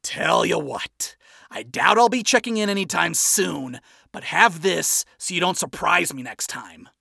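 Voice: medium pitch, animated, measured pace, gravelly, husky, no echo, studio quality, pitched above the performer's own voice, full character voice. A narrator voicing an arrogant, crude male rock star in a fan story reading. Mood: dismissive. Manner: crude, boastful, shouting. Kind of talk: amateur audiobook reading.

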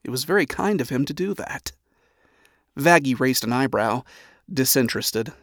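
A man giving a steady, even reading as the narrator of a story. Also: medium pitch, normal speed, dry recording, studio quality.

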